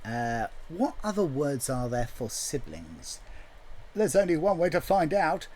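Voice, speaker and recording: A man's voice: on the high side, very animated, measured pace, a little mellow. A man chatting casually as he writes a song, thinking aloud in a jokey, self-deprecating way. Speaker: songwriter. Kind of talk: casual chat while writing a song.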